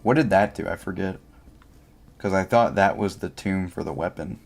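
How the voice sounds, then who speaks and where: A man's voice: deep voice, moderate pace, vocal fry, darkish tone. A young man livestreaming a game, chatting casually and thinking aloud, with lots of filler words as he plays. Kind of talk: casual gameplay commentary.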